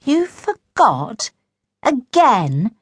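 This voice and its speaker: A woman's voice: a little high, lively intonation, brisk, fairly bright tone, dry recording, voice pushed up. A woman doing a gloomy, mournful schoolboy. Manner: gloomy, dry, crushing. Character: pale mournful skinny schoolboy, gloomy and crushing.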